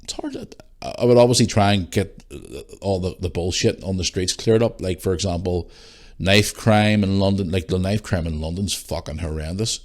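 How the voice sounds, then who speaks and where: A man's voice: low voice, moderate pace, a little mellow. A middle-aged Northern Irish man hosting a solo podcast, ranting bluntly and swearing freely, tired and yawning. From Northern Ireland. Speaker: podcast host. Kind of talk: casual solo podcast chat.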